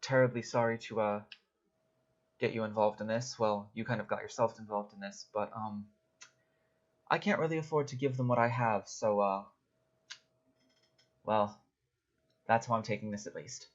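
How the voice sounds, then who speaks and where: A polite, apologetic werewolf swordsman, as a man voices him in a tabletop game, his voice fairly low. The sound is dull and lo-fi. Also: fairly even intonation, normal speed, long pauses, lightly acted. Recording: dull lo-fi recording.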